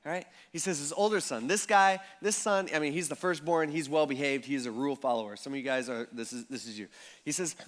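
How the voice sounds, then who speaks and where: A pastor preaching a sermon in a casual, conversational way, often checking in with the congregation and acting out the people in the story. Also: male voice, mid-range voice, a little fast. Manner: animated, acts out the people in the story.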